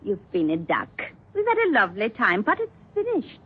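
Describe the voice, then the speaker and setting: A woman's voice: mid-range voice, wildly swooping pitch, moderate pace, breathy edge. An actress playing a breezy, teasing young woman in an old radio drama. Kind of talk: 1940s radio acting. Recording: dull old radio recording.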